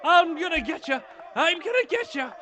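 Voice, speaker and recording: A man voicing a cocky, taunting male brawler from a fighting pit, loud and boastful. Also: very high-pitched, lively intonation, normal speed, a faint crowd, pitched above the performer's own voice, full character voice. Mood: threatening.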